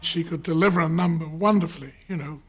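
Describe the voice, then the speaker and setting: A husky man with a slightly raised voice reflects on a colleague in an interview. He hesitates often and circles back over his words before finishing a thought. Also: on the high side, fast, faint music behind. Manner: hesitant, many fillers and restarts. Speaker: interview guest.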